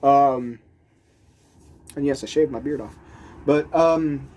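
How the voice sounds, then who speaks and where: A man's voice: mid-range voice, slow, slight background noise. A man telling a story casually, rambling and restarting sentences, laughing often and acting out the people he quotes. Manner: animated, voices the people he quotes.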